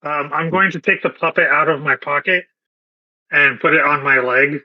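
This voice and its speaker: A man's voice: on the high side, moderate pace, dry recording, lo-fi sound. A man playing a tabletop game, describing his character with hesitant fillers. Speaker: player. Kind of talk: casual tabletop play.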